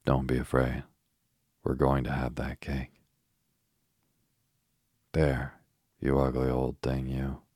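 A man voicing a resourceful young girl who looks after her brothers, earnest and gently bossy. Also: very deep voice, completely flat delivery, slow, pauses often, breathy edge, no room sound, studio quality, exaggerated voice. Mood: flustered. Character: young girl, eldest sister, caring and resourceful.

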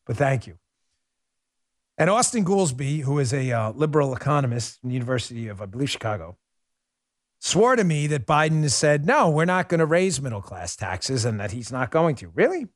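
A middle-aged man hosting a political talk show, delivering a casual, sarcastic commentary monologue with lots of quick asides. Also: mid-range voice, no room sound, studio quality. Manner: animated, sarcastic, rapid asides.

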